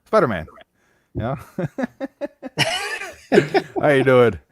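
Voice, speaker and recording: A man's voice: mid-range voice, wildly swooping pitch, very slow, a crowd in the background. A man from the United States hosting a casual live stream, greeting chat members and rambling with frequent restarts.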